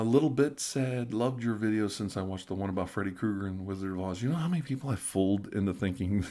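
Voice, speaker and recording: A middle-aged man with a lowish voice chats loosely on a live stream, a little drunk. He rambles, trips over restarts, and slips into quiet whispers now and then. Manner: rambling, stammering restarts, drifting into soft whispers. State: tipsy. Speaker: ASMR live stream host. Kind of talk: casual live stream chat, reading viewer comments.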